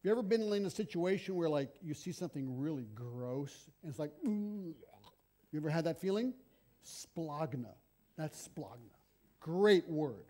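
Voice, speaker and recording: Middle-aged man, sermon, storytelling preacher, conversational, high voice, dark mellow tone. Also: expressive, moderate pace.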